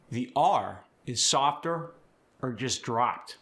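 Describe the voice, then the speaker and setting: A man coaching pronunciation in a clear, upbeat, instructive manner. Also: medium pitch, normal speed, pushed and bright. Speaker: accent coach. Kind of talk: pronunciation tutorial.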